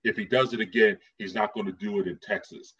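A man doing a quick impression of a drawling middle-aged Texas lawman in his own husky voice. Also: lowish voice, fairly even intonation, fairly bright tone, far from the mic. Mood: gruff. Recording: dull lo-fi audio.

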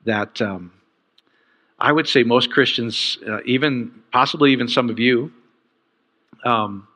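A man's voice: medium pitch, measured pace, bright, forceful tone. A man preaching a sermon in an enthusiastic, conversational way. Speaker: pastor. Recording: dull sound with long hall reverb.

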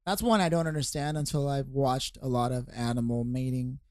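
A man's voice: mid-range voice, fairly even intonation, brisk, a little mellow, no room sound, clean studio sound. A man co-hosting a podcast, musing and philosophizing in a loose, filler-heavy way. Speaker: podcast co-host. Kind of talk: casual podcast chat.

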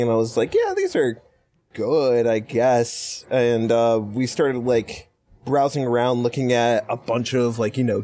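A man with a mid-pitched voice chats casually as a podcast co-host. He tells a story with laughs and acts out what each person said. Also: a little mellow. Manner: laughing, anecdotal, quotes himself in voices. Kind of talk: casual chat. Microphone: remote voice chat.

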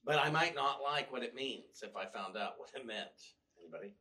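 A man's voice: mid-range voice, brisk, bright, forceful tone, far from the mic. A male minister giving a casual, storytelling sermon with wry humor, often restarting his sentences. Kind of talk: conversational sermon. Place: church.

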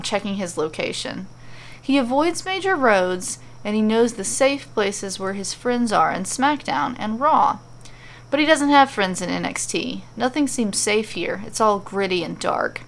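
A woman narrating a storybook tale, reading in an animated, playful way. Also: mid-range voice, vocal fry.

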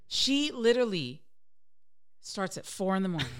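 A woman in her thirties chatting casually, telling profane, animated stories and acting out her cat's meows. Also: medium pitch, normal speed, clear, resonant tone. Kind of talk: casual chat.

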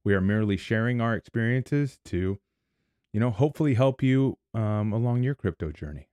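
A man's voice: lowish voice, expressive, normal speed, dark tone, clean tone. Upbeat man hosting a podcast. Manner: upbeat, joking. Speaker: podcast host. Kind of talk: casual podcast chat.

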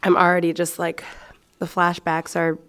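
A woman's voice: on the low side, monotone, moderate pace, a bit bright, clean tone. A young woman casually reading entries from her old teenage journal, joking and swearing at herself. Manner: self-mocking, laughing, swearing. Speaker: vlogger.

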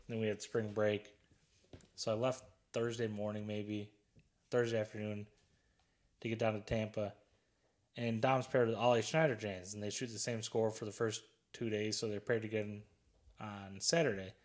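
A man's voice: on the low side, flat delivery, normal speed, pauses often. A man co-hosting a casual podcast, telling a rambling story with frequent laughs. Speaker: podcast co-host. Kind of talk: casual chat.

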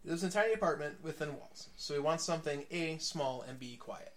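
Relaxed man retelling a story. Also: a little high, fairly quick. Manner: relaxed storyteller, tells jokes. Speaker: podcast co-host. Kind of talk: casual comic book chat.

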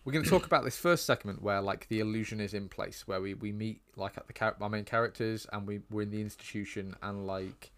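A man's voice: on the low side, a little fast, hardly any pauses, a bit bright, smooth. A British man co-hosting a casual film chat, rambling on with lots of ums and likes. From Britain. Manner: chatty, rambling with frequent ums. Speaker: podcast co-host.

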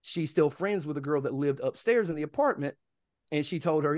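A man with a fairly high voice tells a story in a casual way and acts out every line of the people in it. He sounds close and dry, with no room behind him. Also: a little fast, dry recording. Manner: animated, acts out other people's lines. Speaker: podcast co-host.

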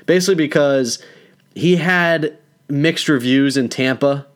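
A man's voice: fairly high pitch, a little slow. A young man co-hosting a podcast, chatting casually about football with opinionated takes and frequent laughs. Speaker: podcast co-host. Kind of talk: casual sports chat.

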